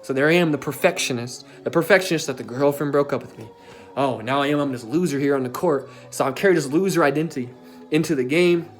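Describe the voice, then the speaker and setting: A man's voice: a little high, fast talker, soft background music. A young man telling a personal story in a casual, emphatic way, as a self-development coach. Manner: casual and emphatic, with frequent filler tags and swearing.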